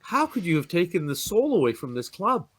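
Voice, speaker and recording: A man's voice: sits high, sing-song, fairly quick, breathy edge. A Canadian man, a dejected football fan, ranting and swearing on a fan show, often stumbling over his words. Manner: ranting, swearing, stammering restarts. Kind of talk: heated fan-show chat.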